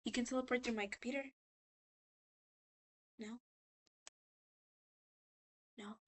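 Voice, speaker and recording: A tipsy woman casually rambling through a recap while she draws. She is chatty and profane, and she acts out characters' lines in quick bursts. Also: a little high, fairly even intonation, fairly bright tone.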